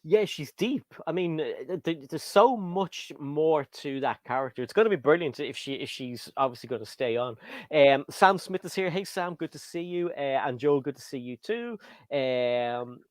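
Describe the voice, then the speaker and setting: A man's voice: a little high, lively intonation, normal speed, no room sound. A man with a British accent hosting a casual livestream chat, rambling and reading viewer comments aloud. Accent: British English. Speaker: livestream host.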